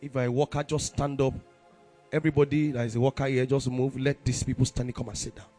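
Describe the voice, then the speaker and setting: A man with a Nigerian accent preaching a sermon to young people, impassioned and breaking into shouted exclamations. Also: mid-range voice, flat delivery, fast, faint music behind. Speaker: youth preacher.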